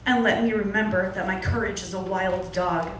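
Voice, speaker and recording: A woman's voice: medium pitch, steady tone, normal speed, a little hiss or hum. Woman performing spoken word in an echoey club. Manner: earnest, candid, with wry humor. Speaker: open mic performer. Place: small club at an open mic. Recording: distant echoey room recording.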